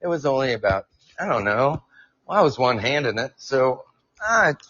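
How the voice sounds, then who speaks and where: A man's voice: mid-range voice, sing-song, normal speed, fairly bright tone, breathy edge, no room sound, muffled recording. Stumbling casual man reading science notes. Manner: reads notes with frequent stumbles and joking asides. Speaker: podcast host. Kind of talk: casual live-stream science talk. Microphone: earphone mic.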